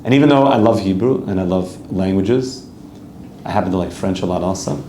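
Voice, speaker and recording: A man's voice: sits low, fairly quick, reverberant, background noise. A man, a rabbi giving an earnest, conversational Torah class, reading Hebrew text aloud and translating it as he goes. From Canada.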